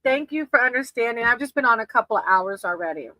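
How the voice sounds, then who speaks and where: A woman's voice: a little high, animated, quick pace, bright, forceful tone, no room sound, rough recording. A woman doing casual live tarot readings for viewers, affectionate and often laughing, calling people sweetie. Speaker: tarot reader on a livestream.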